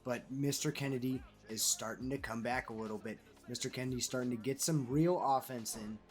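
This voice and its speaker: A man giving casual, animated play-by-play commentary over a wrestling video game he is playing, calling players "brother". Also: mid-range voice, brisk, soft background music. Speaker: gaming commentator.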